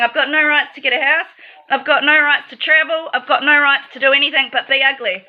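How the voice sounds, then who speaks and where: Aggrieved woman ranting, high voice. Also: brisk, highs cut off. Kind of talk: emotional monologue to camera.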